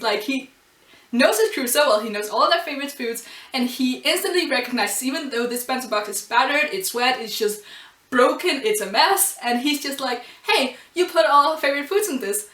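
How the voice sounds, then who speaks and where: A woman's voice: sits high, fairly bright tone. A woman reviewing a comic chapter in a casual video, gushing and emotional, with many ums and laughs. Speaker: anime and manga reviewer. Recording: roomy and distant from the mic.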